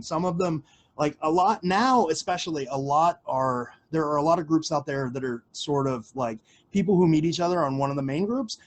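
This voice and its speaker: A man hosting a casual livestream Q&A, rambling with lots of fillers and offhand swearing. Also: a little high. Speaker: livestream host answering questions.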